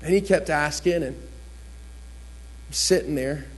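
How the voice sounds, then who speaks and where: A man's voice: fairly high pitch, slow pace, husky. A man giving a personal testimony in a church, telling his story vividly and acting out what people said. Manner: storytelling, acts out quotes with shifting voice. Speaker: guest speaker giving testimony.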